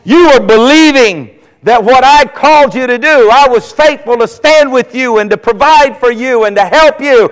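High-voiced impassioned male preacher, hall reverb. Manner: impassioned, rising to shouts. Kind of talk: sermon.

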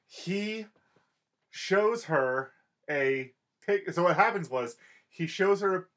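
A man's voice: high voice, lively intonation, slow, fairly bright tone. A man co-hosting a podcast, casually explaining anime scenes in an eager way with frequent restarts. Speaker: podcast co-host. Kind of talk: casual chat recapping an anime.

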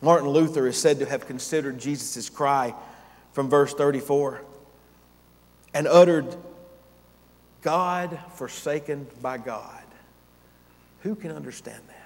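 Man preaching in a reverberant hall. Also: a little high. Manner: dramatic preaching, swelling loud then dropping to near-whisper. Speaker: pastor. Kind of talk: sermon.

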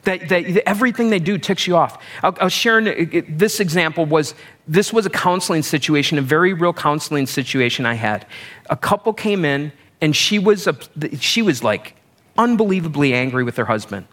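A man's voice: fairly high pitch, normal speed, a bit bright. A middle-aged male pastor giving a conversational sermon, with self-deprecating humor and everyday examples.

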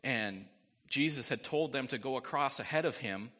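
A man's voice: mid-range voice, normal speed, pushed and bright, in a large hall. A man preaching a sermon as pastor, in a conversational way, often asking "right?" and adding light jokes.

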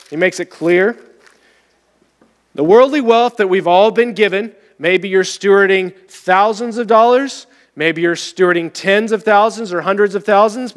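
A man preaching a sermon as pastor in a church, talking in an animated, conversational way. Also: high voice, in a large hall. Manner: animated, conversational, acts out voices.

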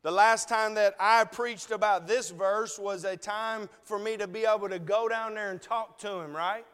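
Very high-voiced man preaching in a reverberant hall. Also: fairly even intonation, normal speed, fairly bright tone, clear, resonant tone. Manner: earnest, conversational, repeated rhetorical questions. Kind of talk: sermon. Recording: long reverb of a large hall.

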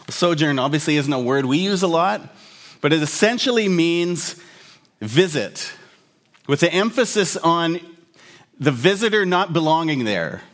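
A man's voice: fairly high pitch, lively intonation, measured pace, a bit bright. Man preaching a casual sermon. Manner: conversational, explanatory, with humorous asides. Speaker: pastor.

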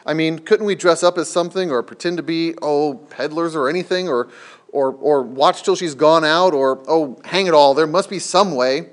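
A man's voice: a little high, moderate pace, natural voice. A man voicing an impulsive boy who stammers in his hurry, while reading a storybook aloud. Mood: urgent. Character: impulsive boy, eager and frustrated.

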